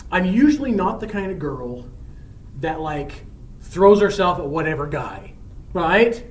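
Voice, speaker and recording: A man's voice: high voice, lively intonation, measured pace, roomy sound, distant mic, rough recording. A man voicing a lovestruck teenage girl who talks in gushing, dramatic modern slang. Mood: coy.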